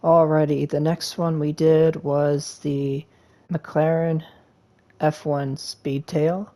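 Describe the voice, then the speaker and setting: Male sim-racing video host, casual rambling delivery full of fillers, flat and even in tone. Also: fairly high pitch, slow pace, a little hiss or hum. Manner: rambling, with frequent ums and uhs. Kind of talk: casual gameplay commentary.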